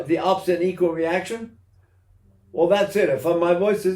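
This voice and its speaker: A man's voice: high voice, normal speed, darkish tone. Older male voice teacher, echoey room. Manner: rambling, demonstrates with sung vowels and imitated voices. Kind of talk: recorded voice lesson.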